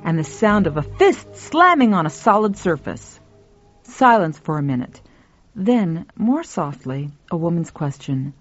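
A woman narrating a story aloud in a measured, expressive storytelling manner. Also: fairly low pitch, no echo. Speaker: audiobook narrator. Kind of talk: scripted narration. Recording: dull lo-fi recording, faint music.

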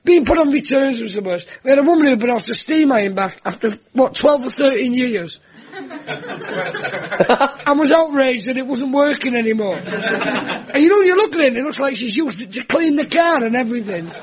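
A man's voice: very high-pitched, expressive, moderate pace, a crowd in the background. A young man telling comic family stories as a talk-show guest, acting out voices. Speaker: comedian guest. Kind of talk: anecdotal chat show banter. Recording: dull lo-fi broadcast with audience.

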